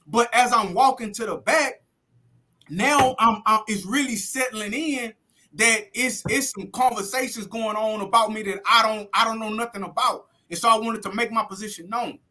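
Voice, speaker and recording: High-voiced man telling stories. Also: moderate pace, bright, forceful tone. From Texas. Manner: vivid street slang, heavy cursing, acts out scenes. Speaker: interview guest recounting prison life. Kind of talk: casual storytelling interview.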